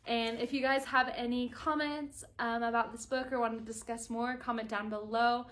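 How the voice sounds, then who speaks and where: A woman talks straight to her viewers in a casual video review and gushes about a book she loved. Her voice sits fairly high. She tumbles from one thought to the next, packing her sentences with "like". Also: steady tone, normal speed, a bit bright. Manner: gushing and chatty, with constant "like" fillers.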